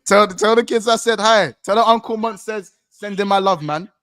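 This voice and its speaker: A man hosting a casual football chat, excitable, swearing and repeating himself. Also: high-pitched, fairly quick, dry recording. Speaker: football podcast host.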